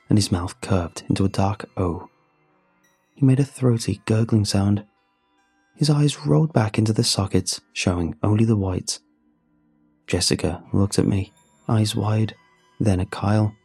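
A man telling a first-person horror story in a grim, measured way. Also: lowish voice, a little mellow, slightly rough, faint music behind. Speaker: narrator.

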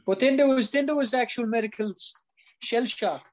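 A man with a notably high voice talks in a blunt, casual way, dropping swear words and asking if you get him. The sound is muffled and dull. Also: brisk, darkish tone. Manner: blunt, swears, seeks agreement often. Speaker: podcast co-host. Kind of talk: casual chat.

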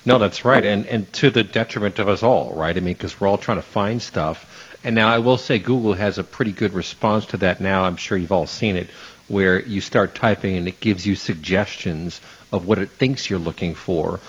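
A man hosting a casual panel discussion, talking quickly and chattily with rhetorical asides. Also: sits low, breathy edge. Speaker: host and panel moderator. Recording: dull lo-fi audio.

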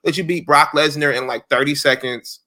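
A man co-hosting a wrestling podcast in casual, animated chat, swearing freely and mocking people in quick impressions. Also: a little high. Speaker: podcast co-host.

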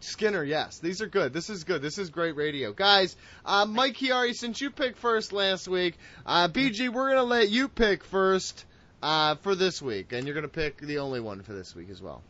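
A man hosting a casual wrestling podcast, loud and excitable, with swearing banter. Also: high voice, moderate pace, no echo. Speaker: podcast host. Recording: dull lo-fi audio.

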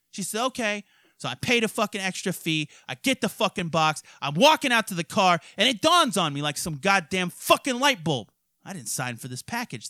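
A man hosting a casual podcast from his studio, ranting and swearing constantly with loud outbursts. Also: high-pitched, no echo. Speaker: podcast host. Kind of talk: profane ranting podcast chat.

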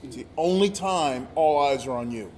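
A man telling a story in casual chat, acting out quotes with animated energy. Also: fairly high pitch, normal speed. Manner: animated, acts out quotes loudly. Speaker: podcast guest, former wrestler. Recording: roomy with long reverb and faint noise.

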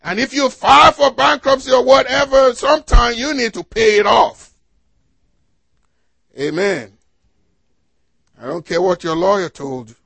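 A man preaching a sermon to a congregation, asking them to fill in the words and swinging between loud exhortation and quiet asides. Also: very high-pitched, unhurried, vocal fry, long pauses, breathy edge, dry recording. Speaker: pastor.

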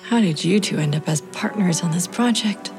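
A woman's voice: fairly low pitch, moderate pace, soft background music, lightly acted. A woman playing a kind, encouraging grade-school teacher in a children's audio drama. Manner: warm, encouraging.

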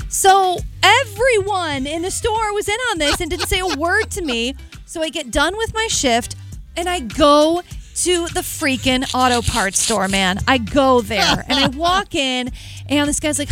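High-voiced young woman telling a story. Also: moderate pace, faint music behind. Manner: animated, laughing, self-mocking storyteller. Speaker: radio co-host. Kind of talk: morning radio chat, storytelling.

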